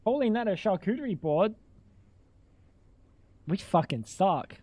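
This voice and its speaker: High-voiced, crude-talking young man streamer. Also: sing-song, unhurried, a little mellow, no room sound. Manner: crude, swearing, incredulous. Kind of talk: casual live-stream chat.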